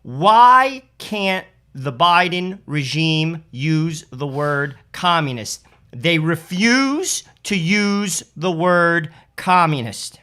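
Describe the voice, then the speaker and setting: Male co-host, forceful tone, reads news and quotes. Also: a little high, lively intonation, very slow. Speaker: podcast co-host. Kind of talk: political commentary, reading news.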